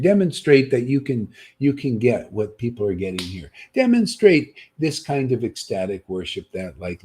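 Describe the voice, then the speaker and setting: A man's voice: mid-range voice, mellow, slightly rough. A man giving a livestreamed sermon, preaching with many rhetorical questions and a repeated "see?", emphatic and sometimes scolding. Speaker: spiritual teacher.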